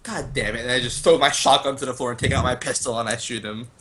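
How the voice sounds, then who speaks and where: A man playing in a tabletop role-playing game, excitedly narrating his character's actions and shouting out his lines. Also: medium pitch, fast, crowd noise. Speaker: player.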